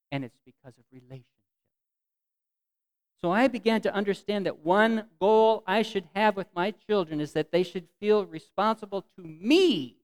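A man's voice: sits high, clean tone, no echo, rough recording. A middle-aged man preaching a sermon in church, earnest, reading scripture aloud with a voice that swells and drops. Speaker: pastor.

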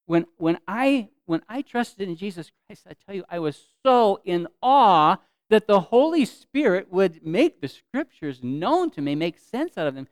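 Male pastor, sermon, smooth clear voice, dry close sound, earnest, repeats phrases, loud then soft. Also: high-pitched, big pitch swings, measured pace, few pauses, dry recording.

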